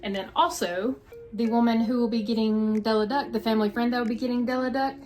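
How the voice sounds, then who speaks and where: A young woman chatting casually in a home vlog, excitable and gushing as she talks. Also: a little high, quick pace, faint music behind. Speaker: crochet vlogger.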